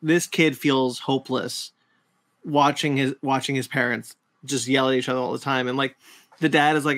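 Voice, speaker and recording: A man of ordinary pitch chats on a casual podcast. He rambles and restarts his sentences often as he works out his point. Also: fairly even intonation, normal speed, fairly bright tone. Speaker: podcast co-host. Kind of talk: casual chat.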